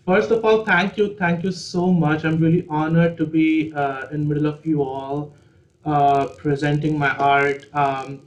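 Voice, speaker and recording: A man on a video call, graciously introducing his performance, soft-spoken with frequent fillers. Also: a little high, reverberant, rough recording. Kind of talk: polite introduction.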